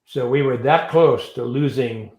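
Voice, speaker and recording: An older man tells his stories at an even pitch, with a roomy echo around his voice. He is an interview guest who recounts events with energy and acts out the voices and sounds as he goes. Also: measured pace. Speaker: interview guest, retired navy pilot. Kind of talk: storytelling in an interview.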